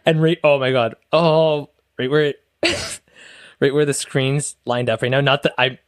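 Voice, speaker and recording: A man's voice: mid-range voice, steady tone, measured pace, no room sound. Young guy joking around on a podcast mic, dry close sound, laughs a lot. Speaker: podcast co-host. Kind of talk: casual chat. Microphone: studio mic with pop screen.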